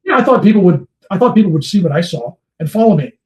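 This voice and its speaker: A man's voice: high voice, quick pace, roomy sound, recorded from a distance, low-quality recording. An older man being interviewed, telling a personal story in casual conversation and acting out the voices in it. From United States. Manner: animated, acts out dialogue in his story. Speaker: interview guest.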